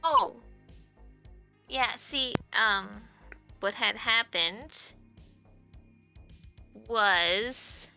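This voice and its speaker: A woman's voice: on the high side, extremely slow, pauses often, pushed and bright, soft background music. A woman playing a tabletop game, chatty and giggly, full of "like" fillers. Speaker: player. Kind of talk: casual tabletop play.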